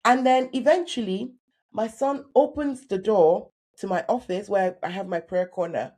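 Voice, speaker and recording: A Nigerian-born woman in her thirties, a career coach telling a personal story in a podcast interview, animated and acting out the voices she quotes. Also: mid-range voice, moderate pace.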